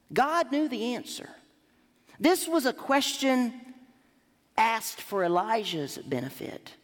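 A woman preacher with a fairly high voice delivers her sermon emphatically, swinging her pitch up for emphasis and low to land a point. Her words ring out in a long hall reverb, as in a church sanctuary. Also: measured pace. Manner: emphatic, lively rises and drops.

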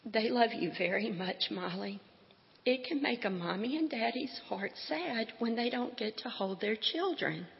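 A woman reading aloud and voicing a tender male God who answers gently and reassuringly, in a dull, echoey hall recording. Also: a little high, lively intonation, measured pace, vocal fry, pitched above the performer's own voice. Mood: gentle.

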